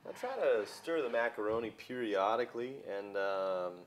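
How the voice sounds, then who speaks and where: A man's voice: on the low side, animated, moderate pace. A young man hosting a casual cooking demonstration in a home kitchen, chatting through each step in a friendly, folksy way. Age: young adult. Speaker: cooking show host.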